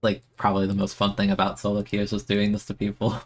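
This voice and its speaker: A young man streaming a video game, chatting excitably and self-mockingly, often stammering and repeating words. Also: on the low side, quick pace. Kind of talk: casual gameplay commentary.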